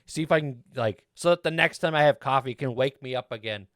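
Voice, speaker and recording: A man's voice: mid-range voice, quick pace, no room sound, studio quality. A man streaming a video game and chatting casually with viewers, rambling and laughing often into a desk mic. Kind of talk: casual gameplay chat.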